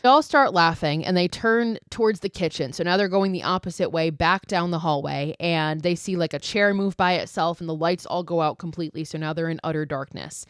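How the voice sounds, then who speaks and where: A woman podcast host recapping a horror movie in a casual, profane, animated storytelling style with frequent asides. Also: lowish voice, fairly quick, hardly any pauses, clean tone, dry recording, clean studio sound.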